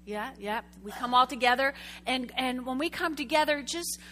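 A woman preaching a sermon to a congregation, telling a story with lively, chatty asides and questions to the room. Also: high-pitched, normal speed, a little hiss or hum. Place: church sanctuary before a congregation.

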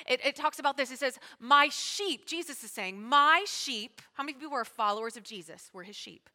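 Fast, emphatic woman preaching in a hall. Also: on the high side, sharp tone. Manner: fast-talking, emphatic, calls out to the congregation. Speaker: pastor. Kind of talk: sermon. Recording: long hall reverb.

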